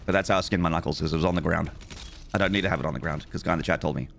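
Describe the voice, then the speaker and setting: A man in his forties chatting casually with his chat room while streaming a game, joking crudely and shouting out in excitement. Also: low-pitched, rapid-fire, gravelly, a little hiss or hum. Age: 40s.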